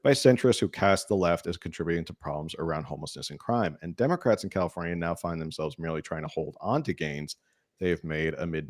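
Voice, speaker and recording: Male talk host, low register, chatty news reader with offhand remarks, dry booth. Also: no echo. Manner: conversational, reads articles with asides and filler hums. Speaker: podcast host. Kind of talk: casual political talk show, reading news aloud.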